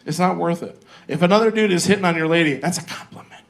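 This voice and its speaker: Male stand-up, 40s, slightly high-pitched, crude loose delivery, live club set with crowd work. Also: fast talker, creaky. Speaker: stand-up comedian. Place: comedy club stage with live audience.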